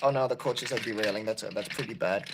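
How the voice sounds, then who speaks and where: A young man streaming his model railway layout in casual commentary, excitable and prone to yelling at the trains. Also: on the low side, fast talker, a little hiss or hum. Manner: excitable, yells at toy trains.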